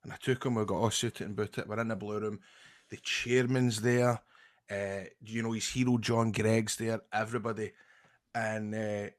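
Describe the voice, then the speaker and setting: A man's voice: medium pitch, sharp tone. A Scottish man co-hosting a podcast, telling casual anecdotes and laughing easily. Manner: chatty anecdotes, quick laughter. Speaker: podcast co-host.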